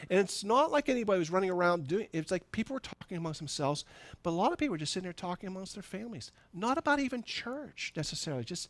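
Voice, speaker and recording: Speaking in a high, sing-song voice at a fast clip, a middle-aged pastor shares a personal story in a church sanctuary sermon. There is no room sound, and he tells it conversationally, acting out the dialogue and laughing at himself.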